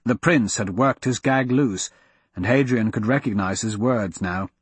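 A man narrating a fantasy audiobook in a steady, measured storytelling manner. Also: on the low side, slightly rough, no room sound.

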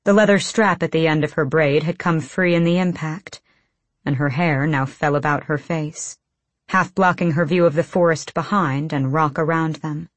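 A woman's voice: sits low, fairly even intonation, moderate pace, dry recording. A woman reading an audiobook in tense, clipped bursts of phrasing. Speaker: audiobook narrator. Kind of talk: scripted audiobook narration.

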